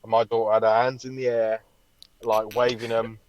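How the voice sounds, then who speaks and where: A man co-hosting a podcast, telling a story in an animated way and swearing freely. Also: medium pitch, normal speed, no room sound, low-quality recording. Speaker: podcast co-host. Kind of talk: casual chat.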